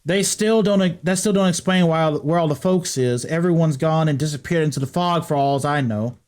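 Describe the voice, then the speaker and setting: Man playing an old country man in fear for his life, folksy drawl, high-pitched and panicky. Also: moderate pace, a little mellow, close to an everyday voice. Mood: fearful. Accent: put-on American country accent. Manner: panicky, pleading, breathless. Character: frightened old rural man hiding from guards. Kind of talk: reading game dialogue in character.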